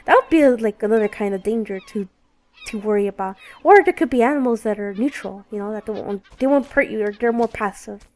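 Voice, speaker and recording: Woman gamer chatting thru a game, kinda high voice, exclaims a lot. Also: fairly quick, low-quality recording. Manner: expressive, exclaims and laughs at the game. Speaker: let's play gamer. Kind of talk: casual gameplay commentary.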